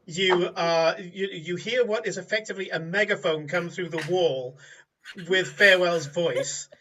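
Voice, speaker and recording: A man's voice: high-pitched, measured pace, sharp tone, recorded from a distance, slight background noise, poor audio. A man narrating as game master, chatty and often laughing while he describes the scene.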